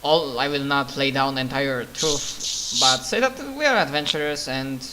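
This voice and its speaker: A man playing a tabletop game, speaking deliberately with non-native phrasing. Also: mid-range voice, background noise. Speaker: player.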